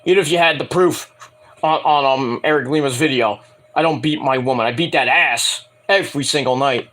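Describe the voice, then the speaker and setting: A man's voice: medium pitch, brisk, fairly bright tone. A man reviewing a wrestling show at home in a casual, rambling rant, profane and mocking, often acting out quotes.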